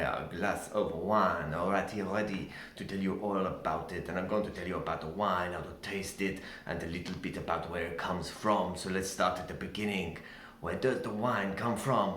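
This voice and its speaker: A man voicing a pompous middle-aged male winemaker in a slow, sensual comic monologue over a video call. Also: sits low, a bit bright, slight background noise. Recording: echoey room.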